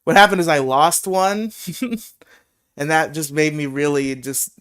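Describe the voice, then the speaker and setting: A man's voice: on the high side, takes it slowly, fairly bright tone, smooth. A young man hosting a live talk show, joking, swearing freely and laughing often. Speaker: podcast host. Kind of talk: casual chat on a live show.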